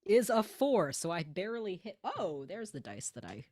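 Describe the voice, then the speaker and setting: A woman's voice: medium pitch, very animated, moderate pace, mellow, no echo, studio quality. A woman chatting casually as a player in a tabletop game, giggly and rambling with lots of fillers.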